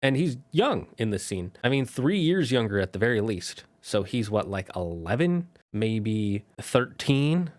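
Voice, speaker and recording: A man's voice: lowish voice, sing-song, unhurried, hardly any pauses, dry recording. A man giving a casual spoken review as a streamer, chatty and talking straight to the viewer. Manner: chatty, addresses the viewer directly, briefly acts out quoted lines.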